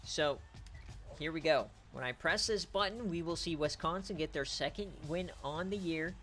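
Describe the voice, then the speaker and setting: Excitable man calling sim games on stream. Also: fairly high pitch, normal speed, soft background music. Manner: excitable, trash-talking, casual slang. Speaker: online dynasty league streamer. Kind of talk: live-stream sports commentary.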